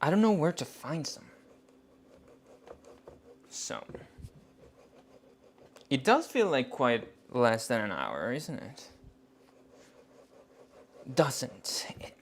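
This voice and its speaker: Man, cooking streamer, casual chat, giggly, self-mocking, lively pitch, unhurried. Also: slight background noise.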